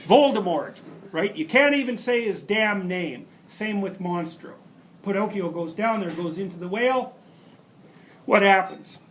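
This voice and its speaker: High-voiced emphatic male lecturer. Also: expressive, normal speed, slight background noise, low-quality recording. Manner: emphatic, storytelling with asides and rhetorical questions. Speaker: university lecturer. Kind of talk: classroom lecture.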